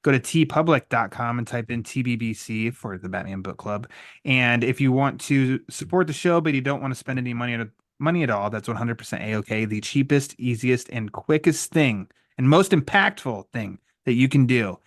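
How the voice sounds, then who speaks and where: A man's voice: medium pitch, expressive, moderate pace, no echo, studio quality. A man hosting a podcast in a casual, rambling way, with fillers and jokes, wrapping up the episode. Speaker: podcast host. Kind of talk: casual podcast chat and outro.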